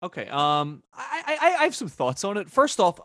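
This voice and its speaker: Man, podcast co-host, animated pitch, dry close mic, expressive laughing chat. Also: moderate pace, dry recording. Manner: expressive, laughing, mock-quoting characters.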